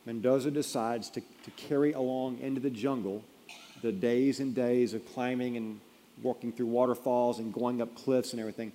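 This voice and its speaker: A man preaching a sermon, telling a story and then pressing the point, rising to emphatic peaks and dropping quiet. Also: mid-range voice, fairly even intonation, normal speed. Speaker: pastor. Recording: long reverb of a large hall.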